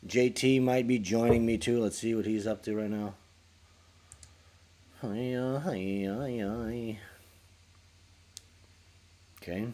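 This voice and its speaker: A man with a fairly low voice chats on his own livestream in a loose, rambling way. He jokes crudely and now and then jumps into loud bursts. He talks close into a small studio microphone. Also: fairly even intonation, brisk, few pauses, slight background noise. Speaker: livestream host. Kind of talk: casual livestream chat.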